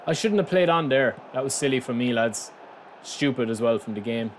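Excitable man commentating his game. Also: medium pitch, a little fast, slight background noise. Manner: excitable, shouts and groans at the play, addresses viewers as lads. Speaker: gaming channel host. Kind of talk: live football game commentary.

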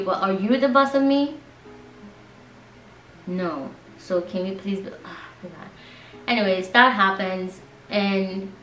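Animated woman from Nigeria, roomy sound. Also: medium pitch, recorded from a distance, a little hiss or hum. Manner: animated, talks straight to viewers, lots of "like". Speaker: vlogger. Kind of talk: casual storytime monologue. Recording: roomy sound, mic set back from her.

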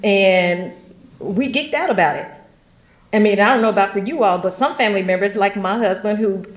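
Lively woman telling family stories. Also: medium pitch, moderate pace. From West Tennessee. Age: middle-aged. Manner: animated, laughs often, folksy asides. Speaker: genealogy workshop speaker. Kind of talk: chatty storytelling talk. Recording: roomy echo.

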